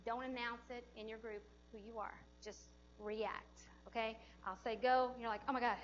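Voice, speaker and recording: A woman's voice: on the high side, fairly even intonation, normal speed, lo-fi sound, a little hiss or hum. Chatty woman teaching a CPR class. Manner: chatty and encouraging, laughs often. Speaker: CPR instructor. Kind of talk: hands-on class instruction. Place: classroom or training room.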